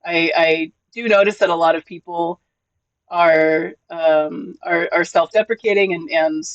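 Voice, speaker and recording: Live streamer, casual chat, encouraging, emotional, repeats words, mid pitch, dry sound. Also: steady tone, measured pace, dry recording, muffled recording. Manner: encouraging, repeats words when starting sentences; emotional, gentle.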